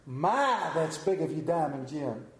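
A man's voice: on the high side, sing-song, a little slow. A man voicing an exasperated small-town father, scolding in a drawl, recorded in an echoey room. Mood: sarcastic. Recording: roomy echo.

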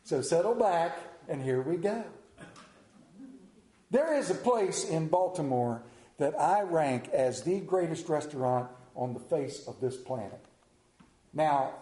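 A man telling a folksy story with a dramatic, drawn-out delivery and slowed emphasis. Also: a little high, warm tone. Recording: roomy echo.

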